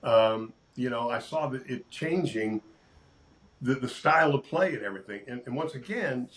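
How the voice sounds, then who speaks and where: An older sportscaster telling lively stories in a casual interview, acting out quotes and laughing often. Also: male voice, mid-range voice, moderate pace, poor audio. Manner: animated storyteller, acts out quotes, laughs often. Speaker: sportscaster guest.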